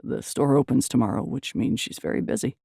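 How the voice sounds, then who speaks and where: A woman narrator voicing a gentle, weary divorced father in an audiobook, speaking softly and hesitantly. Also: rumbling low, a little fast, gravelly, no room sound, studio quality, pitched below the performer's own voice, full character voice. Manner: soft, hesitant. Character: gentle, weary divorced dad, adult man.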